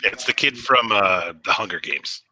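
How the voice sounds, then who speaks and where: A man's voice: on the low side, animated, pushed and bright. A man with a New Jersey accent co-hosting a casual comedy chat, telling stories between laughs. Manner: laughing storyteller, quick asides. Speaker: co-host.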